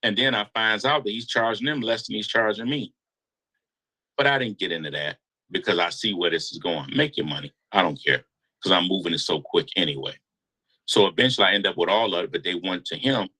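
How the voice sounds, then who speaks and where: A man telling a long story in a casual interview, animated and slangy. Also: low-pitched, a little fast, husky, low-quality recording. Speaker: guest storyteller.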